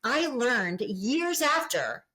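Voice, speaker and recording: A woman's voice: on the high side, big pitch swings, extremely slow, sharp tone, husky, low-quality recording. A middle-aged woman, a business coach, speaking as a guest on a podcast in an earnest, encouraging way, often repeating and restarting phrases. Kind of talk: podcast interview.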